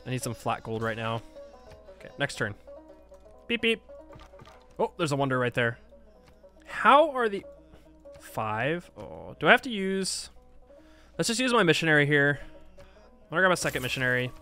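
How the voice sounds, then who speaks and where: Man, gameplay commentator, thinks aloud, mid pitch, self-mocking grumbles, faint music bed. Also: expressive, fairly quick, sharp tone. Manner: thinks aloud, frustrated and self-mocking, frequent sighs and laughs. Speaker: gaming YouTuber. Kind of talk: casual Let's Play commentary.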